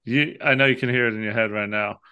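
A man chatting on a gaming podcast with a bright, smooth voice. He swears a lot and tells game stories in an animated way, often acting out what happens. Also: on the low side, quick pace. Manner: profane, animated storytelling. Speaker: podcast co-host. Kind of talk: casual gaming chat.

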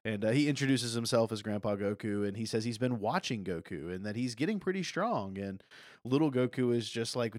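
A young adult man co-hosting a podcast, casually recapping a movie and acting out character lines with animated bursts. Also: lowish voice, brisk, dry recording, clean studio sound. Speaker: podcast co-host.

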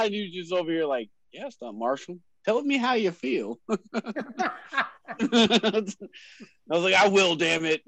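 A man's voice: high voice, moderate pace, no room sound, poor audio. A man, a guest on a casual podcast, telling stories with frequent laughter and lots of swearing. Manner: laughing often, profane, animated storytelling.

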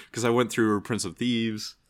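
A man's voice: lowish voice, level tone, a little slow, dry recording, studio quality. A man co-hosting a casual movie podcast, rambling and hesitant, often trailing off with "I don't know.". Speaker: podcast co-host. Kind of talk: casual movie review chat.

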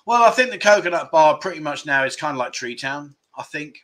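A man's voice: fairly high pitch, expressive, brisk, fairly bright tone. A middle-aged man, hosting a casual livestream, telling jokey stories and reading out viewer comments. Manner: chatty, jokey storyteller, laughs often. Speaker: livestream host.

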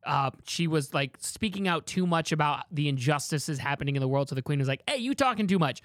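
A man hosting a casual podcast chat, rambling and animated, with many fillers and restarts. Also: fairly high pitch, brisk, no echo, clean studio sound. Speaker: podcast host.

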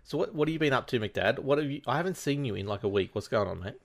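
A man's voice: medium pitch, expressive, fast. A man hosting a podcast, chatty and teasing as he checks in with each of his co-hosts. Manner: chatty, teasing, asks everyone in turn. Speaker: podcast host. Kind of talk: casual podcast chat.

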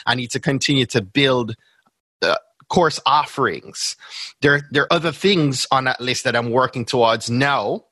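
A man's voice: medium pitch, normal speed, pushed and bright, no echo. A man with a Jamaican accent, a podcast guest explaining things step by step in casual interview talk. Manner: explains step by step, often checks in with "right?". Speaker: podcast guest, brand strategist.

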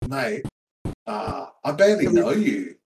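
A man's voice: medium pitch, sing-song, takes it slowly, vocal fry, noisy background, pitched below the performer's own voice, heavily acted. A man playing a flippant parakeet. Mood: mocking. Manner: flippant, laughing, swearing. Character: flippant young male parakeet, sold as pet.

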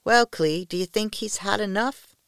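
A woman's voice: medium pitch, normal speed, vocal fry, a bit bright, clean tone, dry recording, clean studio sound, pitched above the performer's own voice. A woman voicing a haughty, domineering duchess who gives cold, clipped orders. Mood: teasing.

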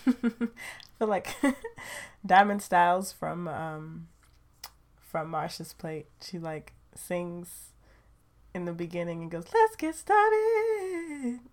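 A woman with a lowish, level voice speaks slowly with long pauses, using a home recording mic in her bedroom. Hosting her podcast as a casual monologue, she's chatty and playful, laughing and using slang.

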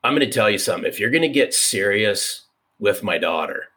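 A man's voice: lowish voice, lively intonation, a little fast, bright, forceful tone, breathy edge, exaggerated voice. A man quoting his blunt, stern older mother-in-law as she lectures him, in a near-plain voice. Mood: stern advice.

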